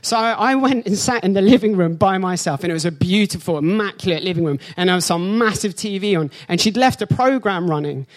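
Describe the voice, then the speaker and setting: A pastor preaches a sermon, telling personal stories with animated, jokey reactions. He's a lively storyteller who leaps into a high, excited voice for his own reactions, then slows and softens when he reaches the spiritual point.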